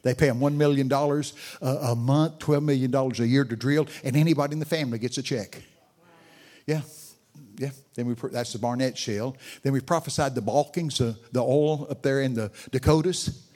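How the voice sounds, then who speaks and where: An older man delivers a sermon as a guest speaker, his mellow mid-range voice moving a little fast. He's storytelling and chatting with audience members.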